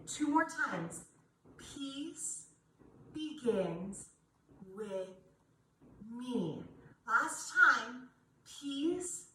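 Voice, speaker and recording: A woman teaching a children's yoga class in a playful, encouraging way, with frequent laughs. Her voice is bright and slow-paced. She sounds far from the mic in an echoey room with faint hiss. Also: on the high side.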